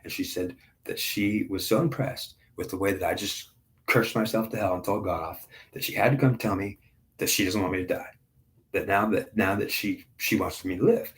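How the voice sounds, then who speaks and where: Man in his 40s, lowish voice, telling his spiritual story all worked up, blunt, swears, keeps restarting. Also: fairly even intonation, moderate pace. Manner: emotional, intense, frequent restarts. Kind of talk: personal spiritual testimony monologue.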